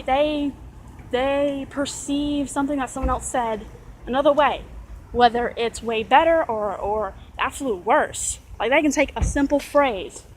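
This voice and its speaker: A woman's voice: high-pitched, a little hiss or hum, rough recording. A woman venting in a casual video monologue. She rambles, repeats and corrects herself, and sighs in exasperation. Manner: exasperated, sighing. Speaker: vlogger.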